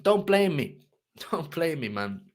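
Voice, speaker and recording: A man's voice: a little high, big pitch swings, slow pace. A man hosting a fan channel, ranting emotionally about football to his live chat and repeating himself for emphasis.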